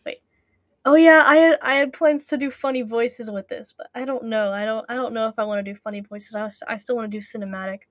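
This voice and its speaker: A woman's voice: a little high, fairly even intonation, fast talker, no room sound, clean studio sound. A woman reading a fan novel aloud with casual asides, giggling often and tripping over her words. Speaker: audiobook reader.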